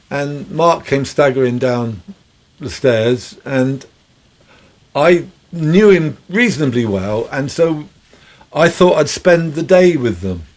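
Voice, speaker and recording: A man, a guest musician, telling long rambling stories in a relaxed, chuckling way. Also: a little high. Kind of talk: anecdotal storytelling.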